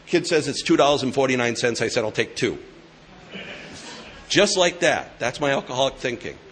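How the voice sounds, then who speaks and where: A man's voice: medium pitch, fast, a bit bright, slight background noise. A man sharing his recovery story with an audience in a casual, joking way, with a New England accent. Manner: conversational, joking asides. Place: meeting hall with live audience.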